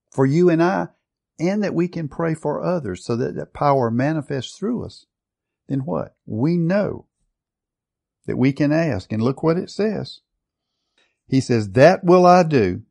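Guy preaching a sermon, emphatic, drags out key words, gets loud then soft. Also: on the high side, gravelly, slightly rough. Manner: emphatic, stretches out key words and shifts loudness often.

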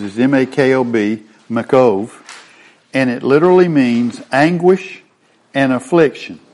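A man's voice: medium pitch, a little mellow. A man teaching a Bible lesson in a sermon style, explaining word meanings step by step.

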